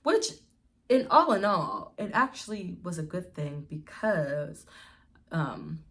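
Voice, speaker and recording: A young woman vlogger from the Pittsburgh area chats slowly in a voice on the low side during a casual storytime at home. Lively and freely swearing, she refers to her viewers as y'all.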